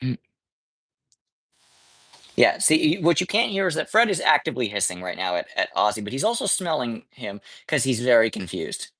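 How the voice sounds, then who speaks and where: A man talks off the cuff on a home livestream, wandering from thought to thought with playful restarts. His pitch swoops up and down in a lively way. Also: moderate pace, poor audio. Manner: rambling, playful, many restarts. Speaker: streamer. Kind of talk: casual livestream chat. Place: home with cats.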